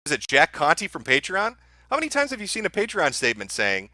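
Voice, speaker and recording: A man hosts a livestream and rants angrily about his topic, swearing a lot in a heated, profane tirade. His fairly high voice swoops wildly in pitch, moving fairly quickly with a sharp tone and no echo.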